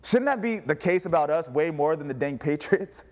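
A man's voice: a little high, lively intonation, moderate pace, a little mellow. A man in his thirties preaching a sermon as pastor, telling stories with laughs and acted-out dialogue. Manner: storytelling with laughs and quoted dialogue.

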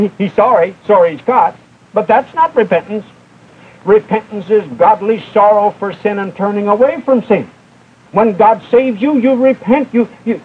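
A young man preaching a televised sermon with fervent, emphatic delivery, rising and falling as he drives each point home. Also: high-pitched. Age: young adult. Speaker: evangelist preacher. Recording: tinny old broadcast recording with faint hiss.

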